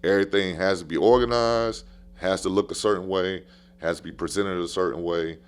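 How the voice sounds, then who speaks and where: Deep-voiced man telling coaching stories. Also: fairly quick, clean tone. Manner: animated, slangy, repeats phrases for emphasis. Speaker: basketball coach. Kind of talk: casual podcast storytelling.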